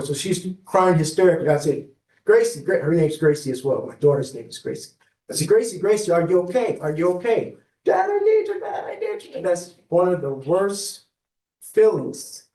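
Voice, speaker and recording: A man's voice: on the high side, darkish tone. A man testifying as a defendant in a courtroom, telling his story in an anxious, rambling way and addressing the judge again and again. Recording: echoey courtroom, far from the mic.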